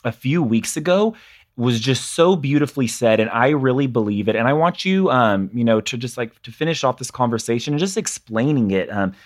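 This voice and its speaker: A man at a middle pitch hosts a podcast conversation. He is enthusiastic and affirming, responding to his guest in a loose, conversational way. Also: animated, a little fast. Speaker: podcast host. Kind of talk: casual interview conversation.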